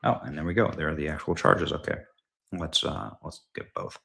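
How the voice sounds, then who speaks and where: A man hosting a live political commentary stream from home, talking in a fired-up, emphatic way with sudden loud, high outbursts. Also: fairly quick, vocal fry.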